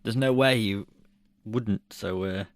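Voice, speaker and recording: A man co-hosting a podcast, talking in a fairly low voice. His chat is casual and jokey, he laughs often and swears freely. The sound is dry and close. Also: slow, no echo. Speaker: podcast co-host. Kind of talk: casual film review chat.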